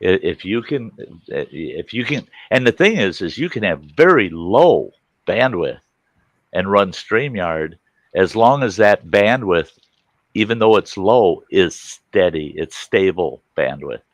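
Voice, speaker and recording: A middle-aged man tells a rambling, folksy anecdote in a relaxed chat, his voice sitting fairly low. He restarts his sentences often and drifts from one thought to the next. The sound is close and dry, with almost no room around it. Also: takes it slowly, no room sound. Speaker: host. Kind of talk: casual storytelling chat on a livestream.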